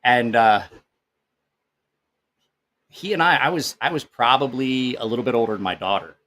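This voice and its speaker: A man in his forties talks at a middling pitch. He chats casually on a live stream, drifting from one story to the next and dropping curse words without a second thought. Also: normal speed, fairly bright tone. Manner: rambling storyteller who swears freely. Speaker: knife channel host. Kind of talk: casual live-stream chat, reading comments.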